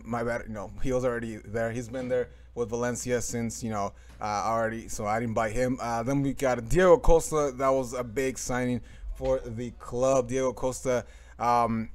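A young man giving casual commentary over his football video game, rambling with lots of fillers and restarts. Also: medium pitch. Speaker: gaming commentator.

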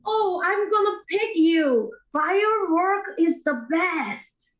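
A woman doing a squeaky little cookie girl. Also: animated, slow pace, echoey room, dull audio, heavily acted. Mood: grateful. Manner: broken, childlike English. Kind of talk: online improv comedy. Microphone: computer mic on a video call.

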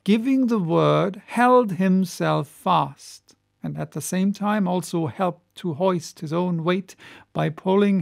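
A man narrating a classic novel in an audiobook with measured, deliberate reading. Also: high voice, gravelly.

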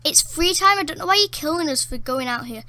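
A high-pitched woman narrates her gameplay in a casual, rambling way, with a bright, sharp edge to her voice. She gets excited easily, gasping, laughing and exclaiming as she plays. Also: brisk, no room sound. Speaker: gameplay commentator. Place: at home in a dark room.

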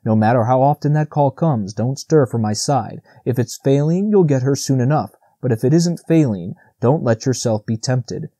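A man voicing a wise old male stag in a storybook, speaking slowly and firmly. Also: medium pitch, dark tone, no room sound, clean studio sound, close to an everyday voice. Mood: grave commanding. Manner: firm, slow, commanding.

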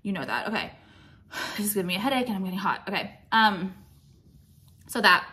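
Animated and fairly quick, with long pauses, a woman in her late thirties talks through her makeup with a pushed, bright voice at an average pitch. The casual tutorial chat is blunt, rambling and full of swearing, and she sounds a bit short of breath.

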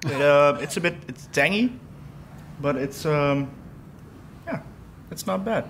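A man's voice: a little high, animated, takes it slowly, a little hiss or hum. A young man tasting food in a casual vlog, reacting with enthusiasm. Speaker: video editor and taste tester. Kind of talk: casual chat. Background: loud music.

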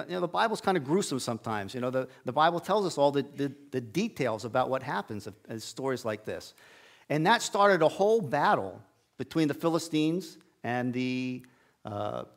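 A middle-aged man preaching a casual storytelling sermon in a church sanctuary, acting out the characters' lines with a raised voice. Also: on the high side. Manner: folksy, acts out Bible characters' lines with raised voice.

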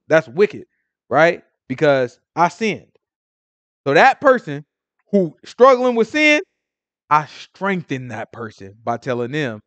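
A man teaching scripture in an informal, emphatic sermon style, swinging from loud declarations to hushed asides. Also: medium pitch, very animated, unhurried, no echo. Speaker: Bible teacher.

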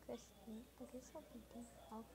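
A female gamer in casual commentary, muttering to herself slowly as she plays. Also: on the high side, level tone, crowd noise. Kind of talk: gameplay commentary. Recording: game noise behind.

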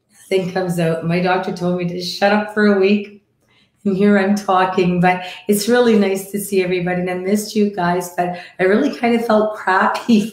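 A woman with a croaky, hoarse voice from croup, chatting casually with viewers on a live stream and greeting them by name. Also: mid-range voice, a little mellow, roomy sound. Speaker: livestream host. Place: decorated home room.

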